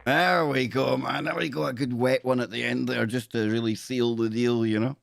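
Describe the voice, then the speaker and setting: A man's voice: medium pitch, fairly even intonation, moderate pace, creaky, no room sound, studio quality. A man hosting a casual talk show, jovial and bantering, often repeating his catchphrases. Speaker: podcast host. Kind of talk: casual radio-show chat.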